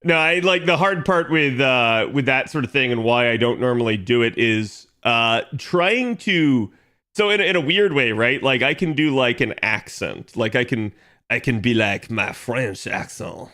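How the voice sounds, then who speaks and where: Bright-voiced male streamer chatting. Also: medium pitch, expressive, normal speed. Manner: rambling, filler-heavy, reads chat aloud. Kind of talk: casual chat with stream viewers.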